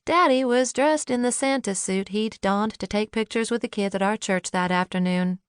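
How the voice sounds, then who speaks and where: A woman narrating a first-person novel in a measured, lightly wry manner, on a close studio mic. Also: medium pitch, smooth, no room sound. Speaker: audiobook narrator.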